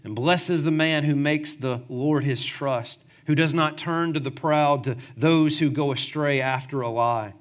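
A man preaching as pastor to his congregation, emphatic and call-and-response, dropping low and slow to stress key words. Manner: emphatic, calls for amens, drops low for stress. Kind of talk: sermon.

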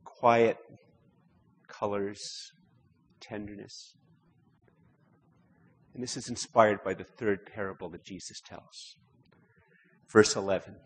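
A man's voice: fairly low pitch, steady tone, takes it slowly, pauses often, slightly rough. A man preaching a sermon in a conversational way, often repeating words and rising to emphatic stretches. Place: church. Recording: long hall reverb.

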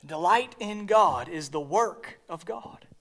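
Male pastor, sermon delivery, light high voice, earnest, repeats phrases, trails off softly. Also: lively intonation, slow. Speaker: preacher.

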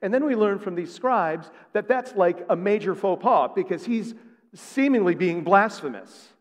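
A man's voice: sits high, expressive, normal speed. A man preaching a sermon as pastor, speaking emphatically and putting rhetorical questions to his congregation. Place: church sanctuary. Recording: long reverb of a large sanctuary.

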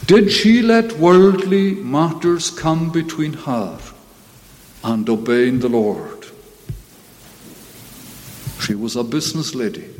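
A man preaching a sermon, emphatic, swelling to loud bursts when he quotes scripture. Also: on the high side, takes it slowly, pauses often. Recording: long reverb, faint hum.

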